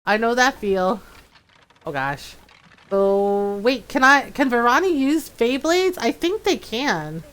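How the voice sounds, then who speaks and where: A woman streaming a game and chatting casually with viewers, bubbly and talkative and quick to laugh. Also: a little high, sing-song, fairly bright tone. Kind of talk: casual gameplay chat.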